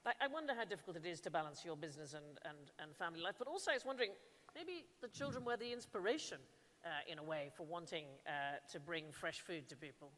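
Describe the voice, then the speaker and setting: Brisk woman moderating in a big hall. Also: lowish voice, animated, a bit bright. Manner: brisk, encouraging, asks questions. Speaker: awards ceremony moderator. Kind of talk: live panel moderation. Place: large event hall. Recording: long hall reverb.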